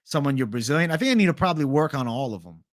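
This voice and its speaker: A man with an American accent hosting a casual livestream, relaxed and joking as he reads the chat aloud. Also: a little high, rapid-fire, dry recording. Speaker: livestream host.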